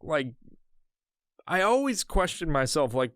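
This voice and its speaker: A man's voice: fairly high pitch, expressive, moderate pace, fairly bright tone, no echo, clean studio sound. Profane rambling man on a headset. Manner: profane, rambling, lots of restarts. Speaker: podcast host. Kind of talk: casual rambling podcast rant.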